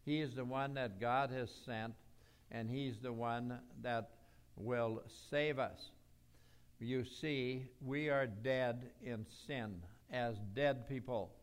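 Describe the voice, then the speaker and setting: A man preaching a sermon, telling a story in an earnest, measured way. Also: medium pitch, fairly even intonation, clear, resonant tone. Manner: slow, earnest storytelling with pauses.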